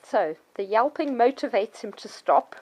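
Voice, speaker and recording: A woman's voice: fairly high pitch, expressive, a little slow, low-quality recording. A middle-aged woman and dog trainer patiently explaining to children and parents how to handle a puppy. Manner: clear, patient explaining, acts out yelps and children's voices. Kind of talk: instructional talk to children and parents.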